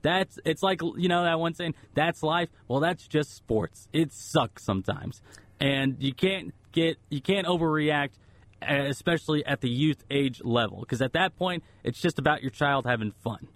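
A man's voice: fairly high pitch, measured pace. A man chatting as a co-host on a radio talk show, casual and a bit hesitant, rambling as he talks. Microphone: studio microphone.

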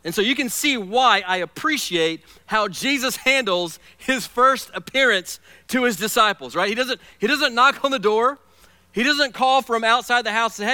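A man preaching a sermon, telling stories in a playful, animated way and acting out the scenes he describes. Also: extremely high pitch, normal speed, clean tone, no room sound. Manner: animated, playful storyteller who acts out scenes. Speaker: pastor.

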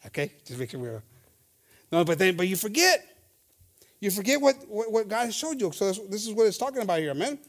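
A man preaching a bilingual sermon, reading scripture slowly and acting out the voices of his listeners. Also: high-pitched. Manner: switches between Spanish and English, reads scripture slowly; acts out congregants' voices, animated. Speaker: pastor.

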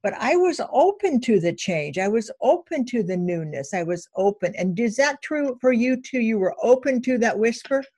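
Woman host, lively storyteller, close dry recording. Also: a little high, moderate pace, few pauses, slightly rough, no echo. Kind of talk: conversational storytelling.

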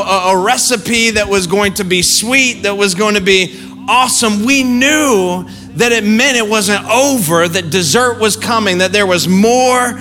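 A man preaching a sermon as pastor, passionate, building to shouted exhortation. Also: sits high. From family roots in the American South. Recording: faint music under the voice.

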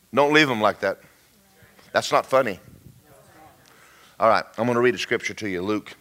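Animated preacher man with a bright tone. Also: moderate pace, long pauses. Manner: animated, swings between loud emphatic lines and low quiet asides; folksy, acts out little dialogues. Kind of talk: sermon.

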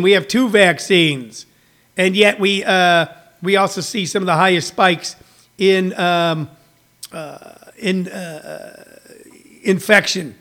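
High-voiced comedian riffing on a livestream. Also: male voice, sharp tone. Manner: riffing, rambling, with frequent fillers and put-on voices. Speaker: stand-up comedian hosting a livestream. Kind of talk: casual comedic livestream chat.

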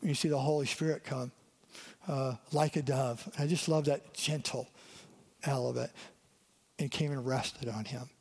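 A man's voice: medium pitch, steady tone, a little slow, gravelly, pauses often, a little mellow, husky. A man, a lead pastor, delivering a conversational sermon and asking his listeners questions. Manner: conversational, asks the audience questions. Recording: long reverb of a church hall.

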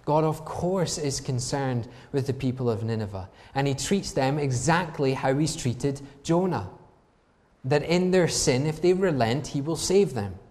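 A man's voice: mid-range voice, a little slow, darkish tone. A man preaching a sermon in an emphatic way, asking the congregation rhetorical questions. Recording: long reverb from a large hall.

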